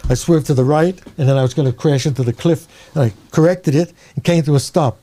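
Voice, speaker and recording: An older man from New York with a New York accent, telling rambling, animated stories as an interview guest and laughing along. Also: a little high, fairly quick. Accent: American, New York. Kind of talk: casual storytelling.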